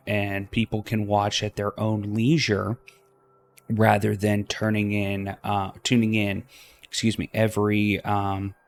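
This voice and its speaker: A man's voice: lowish voice, slight background noise. A man hosting a visual novel let's play, talking casually and hesitantly with many fillers. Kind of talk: casual video intro.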